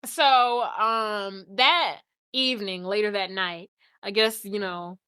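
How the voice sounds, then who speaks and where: A woman's voice: medium pitch, takes it slowly, smooth, no echo. A woman co-hosting a podcast, recapping a movie in casual chat and acting out the characters' lines. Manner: animated, acts out lines from the film. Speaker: podcast co-host.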